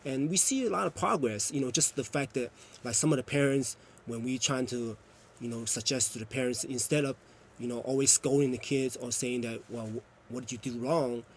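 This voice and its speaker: A man's voice: medium pitch, a little fast, a little hiss or hum. A man, a youth program coordinator, earnestly explaining at length in a TV interview. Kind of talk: TV interview answer.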